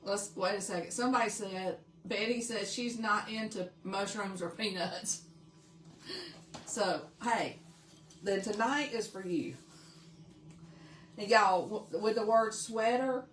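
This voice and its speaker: A woman's voice: mid-range voice, reverberant, far from the mic, a little hiss or hum. Chatty Southern woman hosting a craft livestream. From Tennessee. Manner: chatty, greets viewers by name, laughs often. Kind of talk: casual live craft demo.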